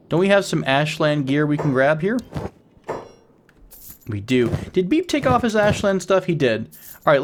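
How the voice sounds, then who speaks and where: A man's voice: medium pitch, slight background noise. Giggly man narrating his game. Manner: playful, laughs often, wheezing giggles. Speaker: gaming channel host. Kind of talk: casual game commentary.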